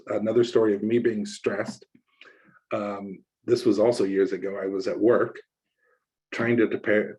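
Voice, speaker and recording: Man, minister, sermon storytelling, husky low voice, conversational and animated. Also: poor audio.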